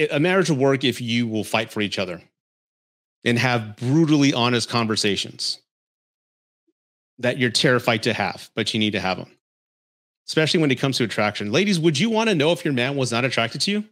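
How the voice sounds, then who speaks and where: Guy hosting a podcast, blunt and real, swears a bit, mid pitch, just chatting and reading comments. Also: lively intonation, normal speed, long pauses, a bit bright. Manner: blunt, candid advice with mild swearing. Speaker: podcast host. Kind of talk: casual livestream chat reading comments.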